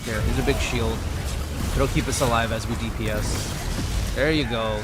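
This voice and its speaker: A man's voice: mid-range voice, a little fast, heavy background noise. A man streaming a group dungeon run, chatting casually and joking with his game and viewers. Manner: animated, joking, talks to his game and chat. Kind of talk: casual gameplay chat.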